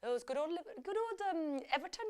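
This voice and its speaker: A woman's voice: high-pitched, lively intonation, fairly quick, darkish tone, voice pushed up. A woman putting on a playful Liverpool accent, voicing a chatty female football fan with exaggerated, sing-song questions. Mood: teasing. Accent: Liverpool, put on.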